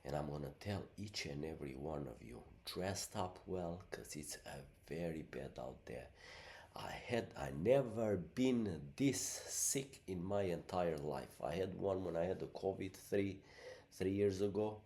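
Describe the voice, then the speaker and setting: A middle-aged Albanian man with a low, warm voice speaks at an unhurried pace with lively intonation. He rambles casually through a monologue packed with fillers like "you know what I mean," and his voice sounds congested after a month of being sick.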